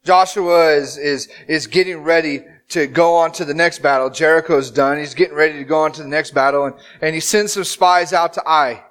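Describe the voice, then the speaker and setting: A man in his thirties preaching a sermon as pastor, telling the story with animated, dramatic acted-out quotes. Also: a little high, fairly quick, hardly any pauses, clear, resonant tone.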